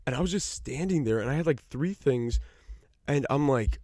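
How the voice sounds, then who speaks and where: A man's voice: mid-range voice, fairly quick, no room sound, studio quality. Man telling a story, acting out voices. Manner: animated, acts out the people in his stories, swears freely. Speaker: podcast co-host. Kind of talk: casual storytelling chat.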